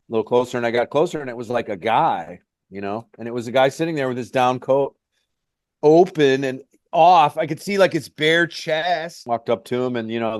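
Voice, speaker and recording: A man's voice: mid-range voice, darkish tone, dry recording. Middle-aged male mountain guide, loose rambling storyteller, full of "like", dry close-miked sound. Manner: rambling, says "like" and "hey, man" often. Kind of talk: casual storytelling interview.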